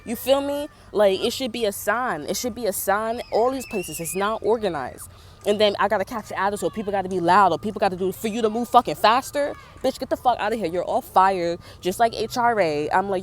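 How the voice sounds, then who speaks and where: A woman's voice: medium pitch, fast talker, a little hiss or hum. A pregnant young woman venting in a profane, fired-up casual monologue full of street slang. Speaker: vlogger.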